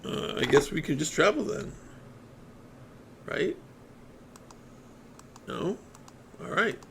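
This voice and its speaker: A man casually commenting on a game as he plays, reading its text aloud and thinking out loud in a hesitant way. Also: a little high, sing-song, takes it slowly, creaky, background noise. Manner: hesitant, thinking aloud with many ums and restarts. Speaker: let's play gamer.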